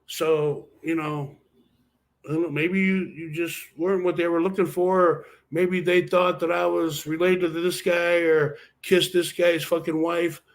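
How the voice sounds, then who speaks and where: A man's voice: fairly high pitch, level tone, a little slow. A former wrestler talks through his career in a casual interview. He rambles from one story to the next and swears constantly.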